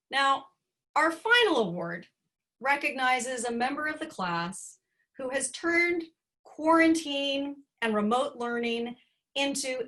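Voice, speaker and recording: A woman hands out tongue-in-cheek student awards over a video call. Her voice sits a little high, and her jokes come out dry and playful. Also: sharp tone. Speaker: faculty presenter of student awards. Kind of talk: humorous award presentation speech.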